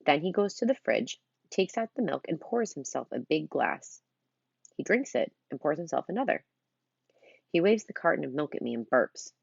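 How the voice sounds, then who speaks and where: A woman's voice: sits low, very animated, moderate pace, gravelly, husky, dry recording, lo-fi sound. A middle-aged woman reading a children's novel aloud, with chatty, punny asides to her listeners. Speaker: storybook reader.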